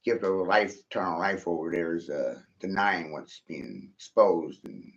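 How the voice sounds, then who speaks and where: A man delivers a rambling, profane monologue, swearing freely, laughing often, and tacking "right?" onto his points. His voice sits low and a bit bright, with vocal fry, at a moderate pace. The recording is dull and lo-fi.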